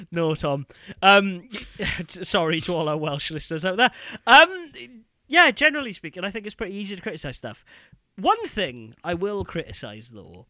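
A British man from the United Kingdom co-hosts a podcast, chatting casually and launching into animated rants packed with fillers. His voice is high-pitched and moves at a moderate pace. The recording is dry.

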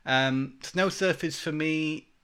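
A man's voice: on the high side, slow, pushed and bright, smooth. A man, co-hosting a casual chat about video games, talking in a rambling, hesitant way with many fillers. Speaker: podcast co-host.

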